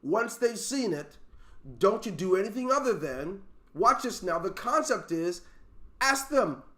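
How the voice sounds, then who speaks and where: Brief: high-pitched male team leader, emphatic motivational speaker on a video call, fires off rhetorical questions. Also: big pitch swings, a little slow, sharp tone. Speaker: network marketing team leader.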